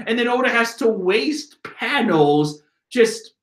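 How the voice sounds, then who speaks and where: A man giving comedic, profane commentary as he reads a manga chapter, swinging from mumbles to shouts. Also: extremely high pitch, expressive, takes it slowly, few pauses. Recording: roomy echo.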